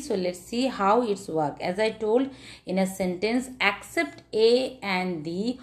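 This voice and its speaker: A woman teaching an English grammar lesson, explaining slowly and deliberately in non-native phrasing and stressing words hard in her example sentences. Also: medium pitch, darkish tone. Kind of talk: classroom-style grammar lesson.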